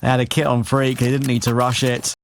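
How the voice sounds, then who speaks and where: A male esports caster giving conversational commentary that climbs with excitement on big plays. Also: mid-range voice, a little fast, background noise. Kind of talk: color commentary.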